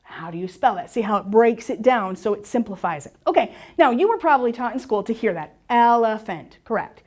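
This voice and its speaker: A woman with a slightly high, brisk voice teaches a class on spelling and syllable rules. She is lively and encouraging, posing questions and then answering them herself.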